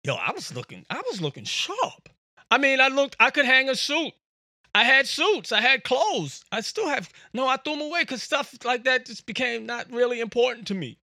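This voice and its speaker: Animated, high-voiced male podcast host. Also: moderate pace, dry recording, clean studio sound. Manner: animated, slangy, repeats words. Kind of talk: casual storytelling monologue.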